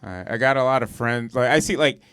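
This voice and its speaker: A young stand-up comedian from Southern California performs on a comedy club stage, his mid-range voice brisk, smooth, and a bit bright in a dry recording. He tells stories in a loose, profane, conversational style, peppered with "like" and "dude."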